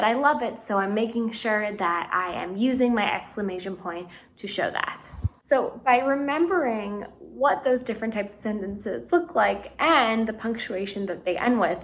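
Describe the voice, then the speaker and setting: A woman teaching a recorded grammar lesson, explaining patiently and reading example sentences out slowly. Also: mid-range voice, poor audio. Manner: clear, patient explaining with slow read-out examples.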